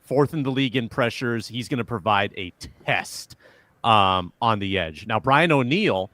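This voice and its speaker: Brisk male sports show host. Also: mid-range voice, expressive, bright, forceful tone, no echo. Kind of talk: casual sports analysis chat.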